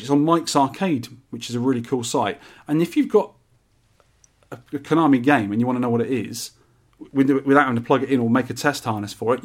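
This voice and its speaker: A man's voice: mid-range voice, breathy edge. A man hosting a podcast, explaining how an arcade game works in a laid-back, joking way. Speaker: podcast host. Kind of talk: casual podcast chat.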